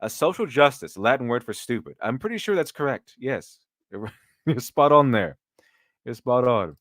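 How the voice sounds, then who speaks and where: A man's voice: mid-range voice, sing-song, moderate pace, a bit bright, no echo, clean studio sound. A man hosting a casual live stream, rambling with many restarts and mocking critics sarcastically.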